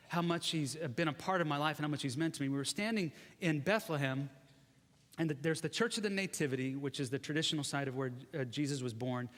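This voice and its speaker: A man in his forties giving a chatty, self-deprecating sermon, joking with the congregation in a large church sanctuary. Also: a little high. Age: 40s. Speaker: guest preacher. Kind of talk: conversational sermon. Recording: long reverb of a church hall.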